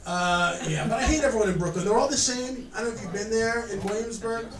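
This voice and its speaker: A man's voice: sits high, fast. A man doing a stand-up comedy set, sarcastic and self-mocking as he banters with a live audience. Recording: roomy echo, distant mic, crowd noise.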